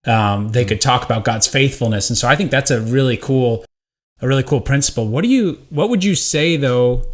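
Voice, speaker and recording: Guy co-hosting a podcast, calm and thoughtful, mid-pitch voice. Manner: reflective, steady, draws on scripture. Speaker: podcast co-host. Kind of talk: casual discussion.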